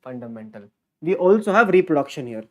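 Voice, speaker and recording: Man, teacher, live online lecture, energetic, repeats key terms, quizzes the chat. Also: fairly high pitch, brisk. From India.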